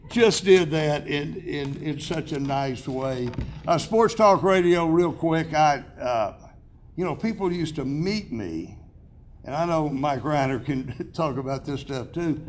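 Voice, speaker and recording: Accepting an award at a banquet hall podium, a man in his seventies talks a little slowly in a slightly high, slightly mellow voice. His chatty anecdotes poke fun at himself, broken up by chuckles and restarts, and there's a touch of hiss or hum.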